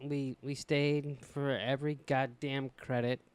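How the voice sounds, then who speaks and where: A man's voice: mid-range voice, little pitch movement, a little slow, clean tone. A man co-hosting a podcast in casual chat, ribbing his partner in a dry, profane way. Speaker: podcast co-host.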